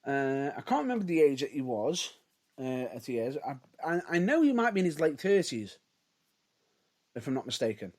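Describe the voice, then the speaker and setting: Lively, animated man chatting casually. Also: fairly high pitch, moderate pace. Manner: hedging, restarts often, lively rises and drops. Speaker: podcast co-host. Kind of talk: casual wrestling chat.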